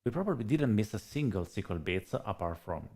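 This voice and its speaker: A man speaking English with an Italian accent, his first language Italian. His pitch swings widely as he chats, and he often stalls on fillers and restarts. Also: fairly quick. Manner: animated, hesitant with many fillers. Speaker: co-host. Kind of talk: casual livestream chat.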